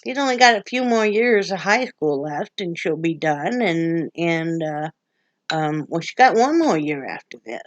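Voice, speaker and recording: An older woman from Wyoming, vlogging in casual, rambling chat to her viewers, emotional and quick to laugh. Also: lowish voice, animated, no room sound, lo-fi sound. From Wyoming, USA.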